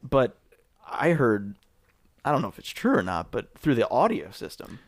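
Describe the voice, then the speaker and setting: A man's voice: mid-range voice, sing-song, normal speed, dry recording, clean studio sound. Easygoing male guest telling stories. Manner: storytelling, easygoing. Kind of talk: casual car chat.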